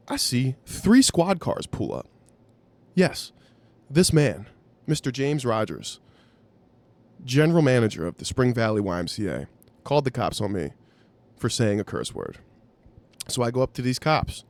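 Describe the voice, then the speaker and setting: A man hosting a podcast, telling a wry anecdote in an animated, profane way. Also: medium pitch, measured pace, pauses often. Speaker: podcast host. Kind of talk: storytelling anecdote.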